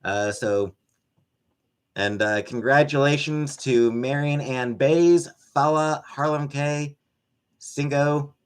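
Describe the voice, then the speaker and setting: A man's voice: fairly high pitch, slow, clear, resonant tone. A man hosting a casual livestream from home, rambling as he reads chat comments and thanks viewers by name. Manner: rambling, thanks chatters by name, baby-talks to his pet. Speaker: livestream host.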